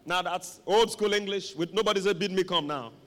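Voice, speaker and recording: A man preaching a sermon, dramatic and animated, with call-and-response to the congregation. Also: high-pitched, a little fast. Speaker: pastor. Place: church hall. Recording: long echo of a large hall.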